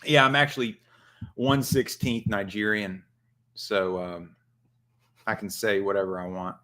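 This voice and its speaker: Slow, crude, easygoing shop-owner host. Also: male voice, on the low side, fairly even intonation, sharp tone. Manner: laid-back, crude, laughs often. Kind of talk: casual livestream chat.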